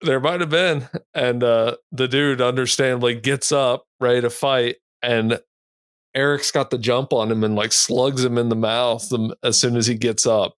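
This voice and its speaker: A man's voice: medium pitch, steady tone, moderate pace, clean tone, dry recording. A man cohosting a podcast, telling a rambling story in a laid-back, casual way and laughing at his own tales.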